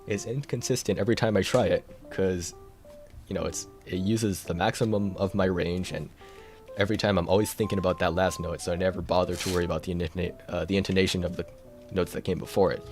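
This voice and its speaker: A man's voice: deep voice, darkish tone. A man chatting casually on a live stream, rambling and self-deprecating, with a tired voice.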